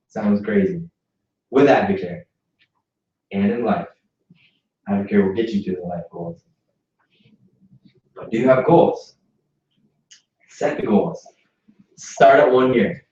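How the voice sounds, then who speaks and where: Lively man giving a pep talk in an echoey room. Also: lowish voice. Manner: energetic, joking, quick asides. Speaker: presenter at a business mixer. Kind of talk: motivational talk to a group. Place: indoor event space. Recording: echoey room from far off, dull sound.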